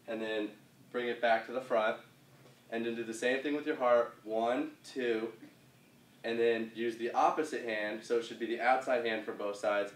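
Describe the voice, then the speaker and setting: A young man calmly explaining line dance steps one by one in a casual, easygoing way. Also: mid-range voice. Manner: casual, walks through moves with fillers like "kinda". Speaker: dance instructor. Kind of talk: step-by-step dance instruction. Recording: roomy sound, mic far off.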